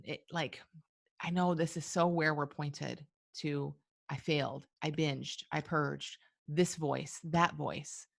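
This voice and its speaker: A woman's voice: deep voice, gravelly, no room sound, studio quality. A woman hosting a live webinar, answering listener questions in a reflective way with many fillers. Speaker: webinar host and coach.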